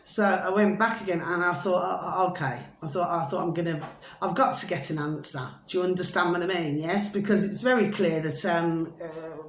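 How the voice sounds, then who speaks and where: A woman's voice: fairly low pitch, normal speed, slight background noise. Rambling woman in an echoey room. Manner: chatty, repetitive, keeps checking in with listeners. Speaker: vlogger. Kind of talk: rambling storytelling to viewers. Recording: roomy echo, faint ambience.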